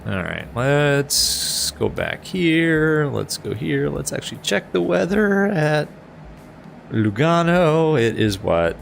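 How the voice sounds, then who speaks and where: A man's voice: fairly high pitch, big pitch swings, slow, creaky, soft background music. A man chatting casually on a flight sim live stream, self-deprecating and reading chat aloud, over a headset mic.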